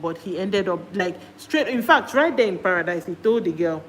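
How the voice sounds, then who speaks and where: A woman from Nigeria chatting to camera in a casual, storytelling vlog. Her voice sits at a middle pitch and leaps high when she gets animated. A faint hiss of noise runs underneath. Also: normal speed, few pauses, rough recording. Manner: animated, jumps to high exclamations when retelling. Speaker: vlogger.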